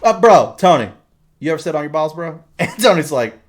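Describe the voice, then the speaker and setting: A young man chatting on a podcast, his voice sitting a bit high for a man. He tells rambling stories, swears freely and keeps breaking into laughter. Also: a little fast. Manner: animated storytelling, laughs often, swears a lot. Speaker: podcast co-host. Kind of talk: casual podcast chat.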